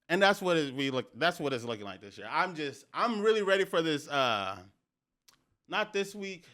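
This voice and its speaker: A young man hosting a sports podcast, talking in an excited, slangy way and repeating phrases for emphasis. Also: a little high, moderate pace. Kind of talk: excited casual sports talk.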